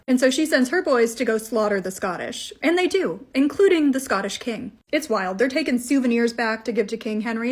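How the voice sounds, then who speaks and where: A woman narrating history in a casual, comedic way, irreverent and full of slang and swearing. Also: a little high. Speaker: history podcast host.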